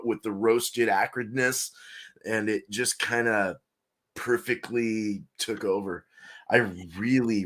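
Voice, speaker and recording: A man's voice: on the low side, pushed and bright. A man guest-reviewing a stout on a casual beer show, talking with enthusiasm and lots of fillers. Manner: enthusiastic, loose and filler-heavy.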